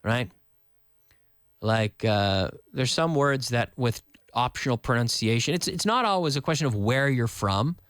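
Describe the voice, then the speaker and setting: A man running a live online English lesson, his pitch swinging widely as he explains words. He repeats example sentences, adds quick Spanish glosses and reads out viewers' questions to answer them. The sound is dry and close. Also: lively intonation, a bit bright, no room sound. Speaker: English teacher.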